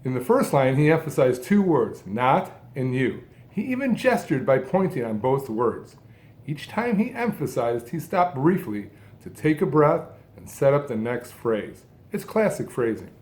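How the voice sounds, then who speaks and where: A man giving an instructional talk, speaking deliberately in short phrases with strong emphasis on key words. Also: medium pitch, big pitch swings, a little mellow. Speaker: speech coach who stutters.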